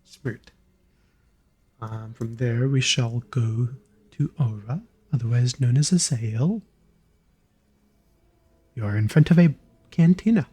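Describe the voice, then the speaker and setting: A man narrating as game master in a tabletop role-playing game, in a relaxed, casual way. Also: medium pitch, slow pace, long pauses, breathy edge.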